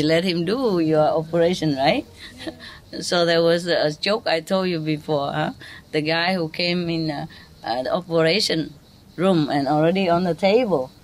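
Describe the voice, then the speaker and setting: A woman's voice: mid-range voice, a little hiss or hum. A woman with a Vietnamese accent giving a spiritual teaching talk to an audience, playful, laughing often and quizzing her listeners.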